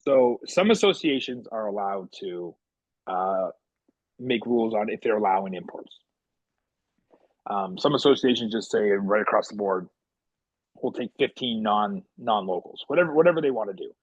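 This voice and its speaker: Animated husky man telling stories. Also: moderate pace, no echo, dull audio. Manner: animated, acts out quotes with big pitch jumps. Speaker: podcast co-host and goalie coach. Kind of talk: casual storytelling chat.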